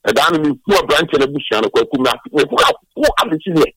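Ghanaian male pundit, husky, animated pitch, earnest radio call-in. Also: fast, no room sound, poor audio. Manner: earnest, pleading, mixes languages. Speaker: sports pundit. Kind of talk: radio sports talk.

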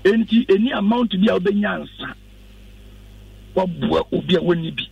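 A man, a pastor on the radio, speaks in an earnest, instructive preaching manner. His voice sits high and carries a gravelly edge. The sound is dry and dull, picked up from some distance off the mic. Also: lively intonation, moderate pace, darkish tone, no echo. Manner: earnest, instructive, quotes scripture. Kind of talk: preaching-style radio talk.

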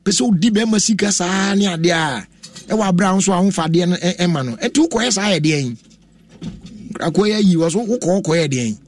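This is a young man with a Ghanaian accent hosting a radio talk show. He speaks in a casual, animated way and moves freely between languages. His voice sits fairly high and sounds dry and close to the mic. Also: no echo. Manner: animated, switching between languages, with laughs and exclamations.

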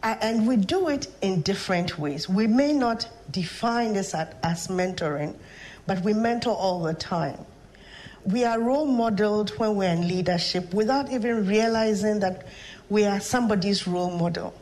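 A woman's voice: mid-range voice, darkish tone, a little hiss or hum, poor audio. Reflective Ghanaian woman professor. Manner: storytelling, measured and reflective. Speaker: professor and guest. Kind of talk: interview conversation.

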